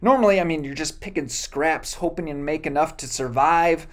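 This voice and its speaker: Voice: medium pitch, moderate pace. A pastor giving a sermon, retelling a Bible story in a casual, joking way with many fillers and self-corrections.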